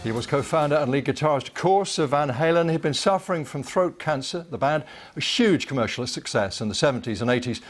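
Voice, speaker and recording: A male news presenter introducing a story and questioning a guest in a live interview. He speaks in a measured, formal broadcast manner. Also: medium pitch.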